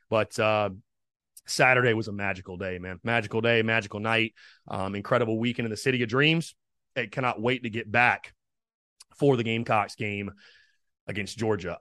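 A man's voice: medium pitch, sharp tone, no echo, clean studio sound. A man hosting a sports podcast, talking casually and earnestly, rambling with restarts. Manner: rambling, with many restarts and fillers; heartfelt, thanking listeners. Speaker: podcast host.

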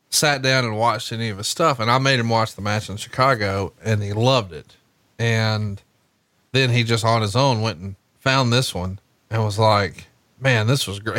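A man hosting a podcast, chatting casually and telling animated stories while watching a wrestling match. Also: mid-range voice, normal speed, no room sound. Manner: animated storytelling, swears casually. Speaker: podcast host.

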